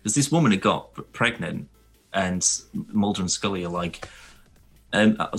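A man co-hosting a podcast, chatting casually and telling animated stories with the odd swear word. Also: low-pitched, moderate pace, soft background music. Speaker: podcast co-host. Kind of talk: casual chat.

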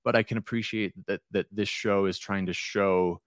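A man's voice: lowish voice, steady tone, normal speed, dry recording. Chatty, rambling man, dry sound. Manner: rambling, self-deprecating, chatty. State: a little stoned. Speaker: podcast guest. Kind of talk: casual podcast chat.

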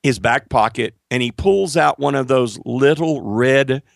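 A man's voice: a little slow, gravelly, no room sound, clean studio sound. A man telling his testimony as a guest, acting out the dialogue and speaking earnestly to the host. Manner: acts out dialogue with big pitch jumps; earnest, addresses the host directly. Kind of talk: animated storytelling.

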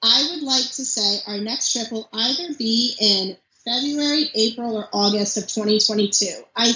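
A young woman, a podcast guest, chatting casually and telling animated stories about family travel. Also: a little high, normal speed, echoey room, dull audio. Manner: chatty, animated storytelling with mimicked child voice. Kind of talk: casual interview chat.

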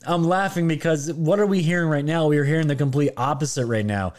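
A man's voice: on the high side, fast, hardly any pauses, darkish tone. A man hosting a political commentary show, reacting to clips with mocking, incredulous asides to his viewers.

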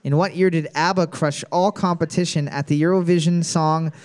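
Trivia host, male, higher register, reads questions twice, jokes in between. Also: steady tone, normal speed. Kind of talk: comedic trivia podcast banter.

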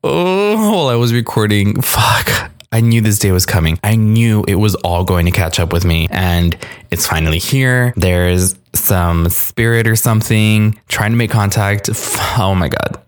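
A man with a deep, low voice hosts a spooky podcast from home. He talks in a loose, rambling and animated way, with restarts and the odd curse word. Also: moderate pace, clean tone. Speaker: podcast host. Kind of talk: casual horror podcast storytelling. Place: alone in his apartment living room.

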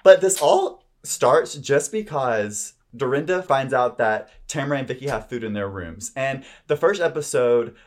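A man's voice: mid-range voice, animated, a little slow, hardly any pauses. A young man co-hosting a podcast, recapping a reality show in gossipy casual chat full of "like". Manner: gossipy, filler-heavy, says "like" constantly. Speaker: podcast co-host.

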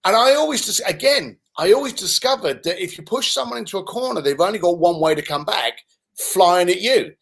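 Animated London man telling stories. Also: sits high, fairly quick, gravelly. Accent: London English. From London, England. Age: 50s. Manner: animated, swearing, laughs while telling stories. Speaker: interview guest. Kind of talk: casual storytelling in conversation.

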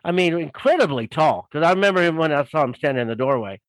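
A man's voice: on the high side, lively intonation, quick pace, dry recording, low-quality recording. A man telling a story casually as a guest author, rambling with many fillers and doing voices for the people in it.

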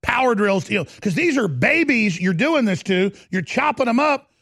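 A man's voice: sits high, very animated, normal speed, fairly bright tone, slightly rough, dry recording, clean studio sound. A middle-aged man hosting a talk radio show, ranting fervently and combatively and hammering points through repetition between ad reads.

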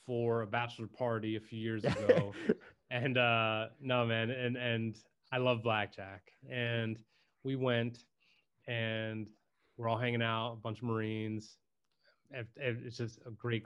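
A man's voice: mid-range voice, little pitch movement, measured pace, a bit bright, smooth. A man talking as a podcast guest in casual chat, emphatic and loose, swearing freely and restarting his sentences.

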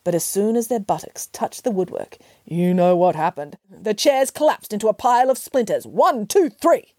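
Expressive woman audiobook narrator. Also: mid-range voice, normal speed, no room sound. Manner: playful, expressive storytelling.

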